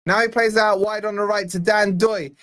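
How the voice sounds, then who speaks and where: A man's voice: sits high, fairly even intonation, normal speed, fairly bright tone. A man born in Scotland hosting a live football watch-along, giving casual play-by-play and bantering with his chat. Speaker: fan channel host.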